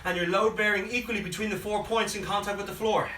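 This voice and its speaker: A fitness coach, short of breath, counts down reps and gives upbeat cues during a live home workout. He talks quickly in a high, steady voice that's bright and forceful, recorded from a distant mic with a roomy feel and faint music.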